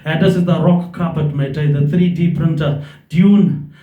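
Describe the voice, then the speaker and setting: A man's voice: fairly high pitch, steady tone, measured pace. A man rambling in a loose monologue, drifting between thoughts and tagging nearly every phrase with a casual "mate". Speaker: vlogger. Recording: distant roomy dull recording.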